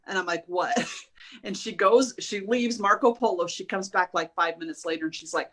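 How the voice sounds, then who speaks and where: A woman chatting casually, telling personal stories in an animated way and acting out her own and others' lines. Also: medium pitch, moderate pace. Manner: animated storyteller, quotes herself and others. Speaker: guest sharing a diet journey. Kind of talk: casual chat.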